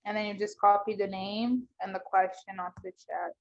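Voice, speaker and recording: A woman speaks over a video call, walking someone through a setup one step at a time. Her tone is calm and casual. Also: mid-range voice, moderate pace, dull audio, a little hiss or hum. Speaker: tech coordinator guiding the setup.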